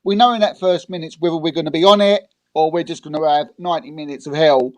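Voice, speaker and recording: A man's voice: fairly high pitch, fast talker. A man appearing as a guest on a fan show, gushing and rambling, often restarting his sentences. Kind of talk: casual live show chat.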